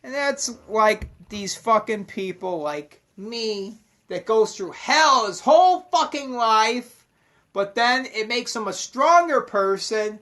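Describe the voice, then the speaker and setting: Slow-talking, foul-mouthed man rambling. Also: extremely high pitch, sharp tone. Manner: swears constantly, rambling and emphatic. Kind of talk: casual profane monologue explaining Kabbalah.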